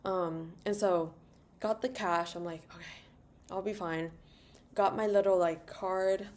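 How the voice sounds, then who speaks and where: A woman's voice: on the low side, steady tone, a little slow, a little mellow. A young woman telling a travel story in a casual, rambling vlog, full of "like" and little asides. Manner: rambling, filler-heavy, chatty; sings "la la" to herself. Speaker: travel vlogger.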